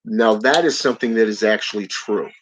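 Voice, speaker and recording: A man's voice: lowish voice, a little fast, slight background noise. A man hosting his channel, reading viewer comments aloud in a casual live-stream chat and chuckling often. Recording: dull lo-fi audio.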